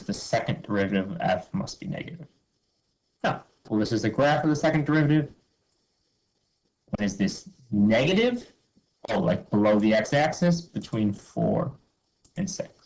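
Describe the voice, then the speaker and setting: Upbeat and casual, this man reviews math step by step, posing questions to himself and answering them while scattering "okay" and "cool" throughout. His voice is lowish and a little mellow, and the recording is low quality.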